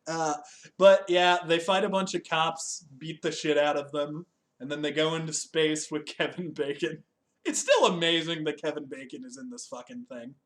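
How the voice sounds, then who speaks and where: A man's voice: on the high side, fairly even intonation, moderate pace, fairly bright tone. A young man hosting a casual chat, joking, swearing freely and laughing often as he reviews a TV special. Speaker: podcast host.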